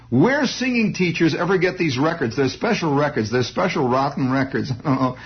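A male storyteller spins a comic childhood tale, wandering into wry asides. His voice sits a bit high. The recording is dull and lo-fi. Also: lively intonation, a little fast, few pauses. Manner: rambling, digressive, wry asides.

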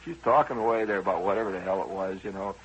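A man's voice: low voice, very fast, slightly rough, highs cut off. A man hosting a radio show, telling a rambling personal story in a conversational, wry way with frequent asides to his listeners.

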